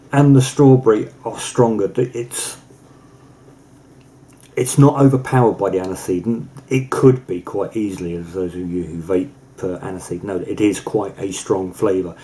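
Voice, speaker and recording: A man co-hosting a casual e-liquid review, chatty and quick to laugh, often repeating words as he thinks. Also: lowish voice, mellow, rough recording.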